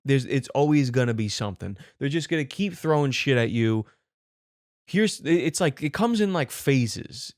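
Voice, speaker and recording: A man's voice: medium pitch, animated, normal speed, dry recording, clean studio sound. A man hosting a comedy show with brash, profane, mock-exasperated news riffs.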